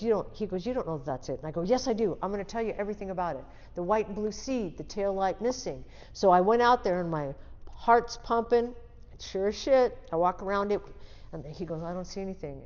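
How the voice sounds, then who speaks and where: A woman's voice: lowish voice, darkish tone, long reverb tail, dull audio. An older woman, an interview guest, telling her life story and acting out the dialogue in it as she talks. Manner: vivid storyteller who acts out quoted dialogue; restarts and trails off mid-sentence.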